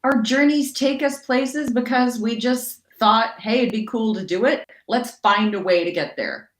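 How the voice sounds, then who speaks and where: Animated woman telling stories in an echoey room. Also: fairly high pitch, unhurried, a little hiss or hum. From Canada. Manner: animated, acts out quotes in other voices. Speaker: guest, sports announcer and weather anchor. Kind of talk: casual interview storytelling.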